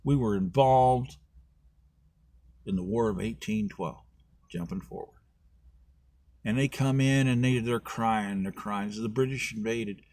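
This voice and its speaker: A man's voice: fairly low pitch, unhurried, long pauses, darkish tone, dry recording. A middle-aged man, a political candidate, giving a folksy, storytelling talk about history. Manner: folksy, acts out voices in his stories.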